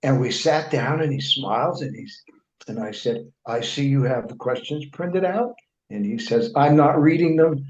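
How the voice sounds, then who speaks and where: A man's voice: mid-range voice, expressive, normal speed. A man who writes and reports, a guest in an interview, telling long anecdotes with many restarts and fillers and acting out what others said. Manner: acts out other people's remarks in quoted speech. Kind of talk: conversational storytelling in an interview. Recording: echoey room, dull lo-fi sound.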